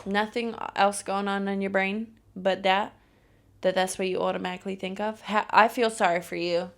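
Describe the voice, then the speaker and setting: A woman's voice: mid-range voice, steady tone, moderate pace, creaky. A young woman hosting a solo podcast, telling stories in a blunt, profane, ranting way. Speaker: podcast host. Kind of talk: casual solo podcast monologue.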